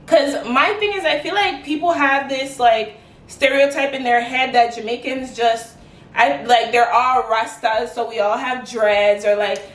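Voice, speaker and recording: A young adult woman chatting to camera in a casual vlog, animated and quick with "like" fillers. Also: fairly high pitch. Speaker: vlogger. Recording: echoey room, mic at a distance.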